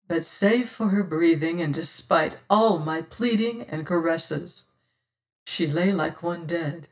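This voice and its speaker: A narrator giving a dramatic first-person audiobook reading, swelling loud on exclamations and going hushed in quiet passages, recorded on a distant mic. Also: mid-range voice, slow.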